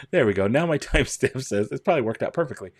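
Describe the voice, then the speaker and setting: A man's voice: mid-range voice, lively intonation, fast, husky, no room sound. A man hosting a casual livestream, chatting with viewers, greeting them by name and counting down. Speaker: livestream host.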